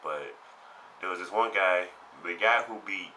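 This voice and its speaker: A man giving a casual spoken recap of a fighting game tournament, slangy and animated, getting loud and heated as he retells it. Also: sits low, unhurried, slight background noise, low-quality recording.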